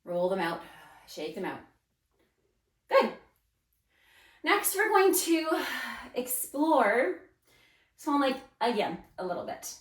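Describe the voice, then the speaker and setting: A woman's voice: a little high, very animated, slow pace, pauses often. A woman leading a follow-along ballet arm workout, counting beats and cueing moves in an encouraging, upbeat way. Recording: roomy sound, mic set at a distance.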